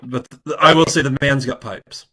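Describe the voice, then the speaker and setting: Bright-voiced, stammering male podcast co-host. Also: medium pitch, moderate pace. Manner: animated and stammering, acts out his own reactions. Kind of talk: casual chat.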